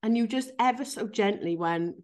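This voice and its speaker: A woman's voice: mid-range voice, moderate pace, a little mellow. A woman hosting a podcast, talking candidly and emphatically about her own emotional breakthrough, frank and self-deprecating with the odd swear word. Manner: recounts a tearful therapy session. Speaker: podcast host. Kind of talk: candid conversational podcast chat.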